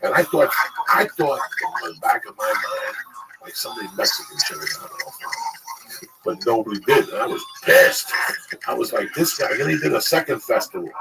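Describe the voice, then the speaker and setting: A man who is a stand-up comedian, telling a heated, profane story in casual chat, recorded on a distant mic with loud noise behind. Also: mid-range voice, wildly swooping pitch, fairly quick, creaky.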